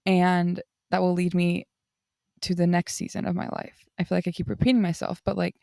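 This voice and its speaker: A woman's voice: on the low side, monotone, normal speed, vocal fry, warm tone, no echo, clean studio sound. A young woman hosting a podcast, talking from the heart in a rambling, casual way, with lots of "like" and restarts. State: tearful. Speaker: podcast host. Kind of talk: casual unscripted monologue.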